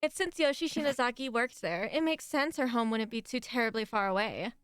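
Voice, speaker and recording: A woman's voice: on the high side, fairly quick, clean tone, dry recording, studio quality, natural voice. A woman voicing a bossy teenage girl class rep with an occult streak, reading game dialogue aloud in a put-on Valley Girl voice. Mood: earnest.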